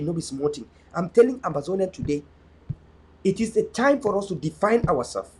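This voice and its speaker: A man's voice: high voice, darkish tone, breathy edge. A man, hosting an online show and giving an impassioned, pleading address with a preacher-like cadence.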